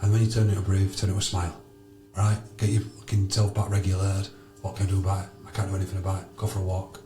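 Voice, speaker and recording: Loud, blunt man in an echoey sauna. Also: sits low, monotone, racing, background noise. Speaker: podcast guest, charity founder. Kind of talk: animated storytelling with swearing. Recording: roomy echo.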